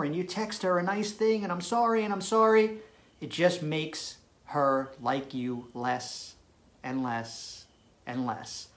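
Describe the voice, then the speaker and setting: A man giving dating advice straight to camera, talking in an emphatic, punchy way and checking in with "right?". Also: on the high side. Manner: emphatic, punchy, tag questions. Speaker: dating coach. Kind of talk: direct-to-camera advice video.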